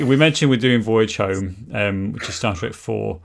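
A man's voice: on the low side, moderate pace, vocal fry, few pauses. A man co-hosting a podcast, chatting casually, often stopping to correct himself. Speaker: podcast co-host.

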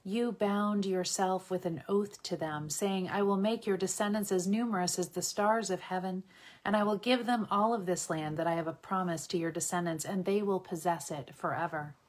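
Reader: woman, lowish voice, steady measured scripture reading. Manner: steady measured reading, voicing quotes lightly. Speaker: Bible reader.

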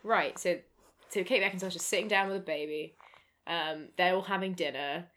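A woman chatting casually about a film, joking and breaking into laughs and shouts. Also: on the low side, a little fast, a little hiss or hum. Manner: lively, laughs and shouts when amused. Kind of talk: casual chat reviewing a film.

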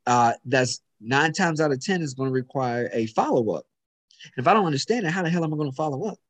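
A man's voice: fairly high pitch, animated, quick pace. Emphatic man telling a work story. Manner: emphatic, storytelling, frequent "you know what I'm saying". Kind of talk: casual chat.

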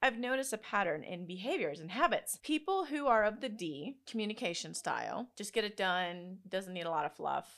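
Woman host, young adult, animated storyteller, laughs a lot, bright lively delivery. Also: medium pitch, moderate pace, hardly any pauses. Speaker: podcast host. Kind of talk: casual solo podcast talk.

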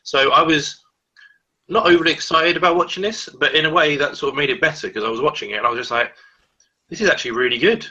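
A man's voice: fairly high pitch, fast, bright, forceful tone, husky. A man co-hosting a podcast, chatting casually about a film, often stumbling and restarting his sentences. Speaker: podcast co-host. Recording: dull lo-fi sound.

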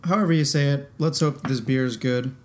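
A man's voice: mid-range voice, fairly quick. A man co-hosting a podcast in casual chat, easygoing and playful. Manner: easygoing, playful, laughs along. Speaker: podcast co-host.

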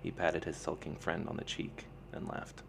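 A man narrating a fantasy novel as an audiobook, in a calm, even storytelling manner. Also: very deep voice, moderate pace, creaky, slight background noise.

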